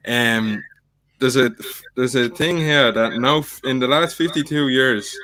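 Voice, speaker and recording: A man's voice: mid-range voice, unhurried, pushed and bright. A man, a podcast co-host, talking up a favourite horse with earnest enthusiasm. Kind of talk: casual betting chat.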